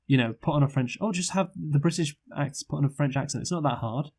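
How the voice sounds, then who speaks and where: A man's voice: fairly high pitch, quick pace, a little mellow, breathy edge. A man co-hosting a casual film review chat, rambling with many fillers and restarts and swearing freely. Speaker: podcast co-host, film reviewer.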